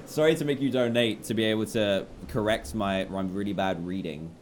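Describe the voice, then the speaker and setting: A man's voice: fairly low pitch, normal speed, slight background noise. A young British man chatting while streaming a game live, reading out donors' names and apologising often.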